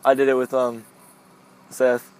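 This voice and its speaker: A man's voice: mid-range voice, completely flat delivery, a little slow, a little mellow, a little hiss or hum. A young man telling a story among friends in a casual chat, rambling with lots of "like" and laughing often.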